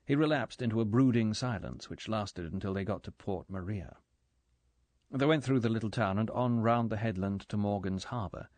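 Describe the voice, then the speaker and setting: A man reading an audiobook in measured, even scripted narration. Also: on the low side, no room sound.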